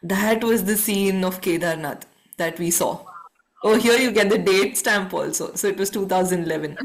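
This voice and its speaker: A woman's voice: medium pitch, moderate pace. A woman telling a personal story on a video call, acting out her own thoughts.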